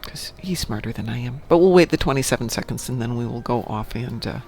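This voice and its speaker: A man's voice: mid-range voice, animated, quick pace, gravelly, a little mellow, soft background music. A man in his sixties casually chatting on a live stream, reading the chat aloud and telling dad jokes. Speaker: stream co-host.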